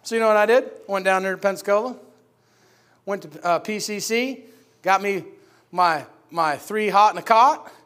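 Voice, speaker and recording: A high-pitched man preaches with dramatic storytelling, dropping to hushed tones and then shouting. He is a preacher from upstate New York, bold and emphatic. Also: moderate pace. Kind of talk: sermon storytelling.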